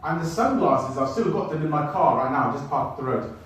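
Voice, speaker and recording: Animated male storyteller in an echoey hall. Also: a little high, a little fast. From United Kingdom. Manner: animated, addresses the audience directly. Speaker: speaker telling a travel story to an audience. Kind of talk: storytelling talk. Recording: echoey hall, mic at a distance.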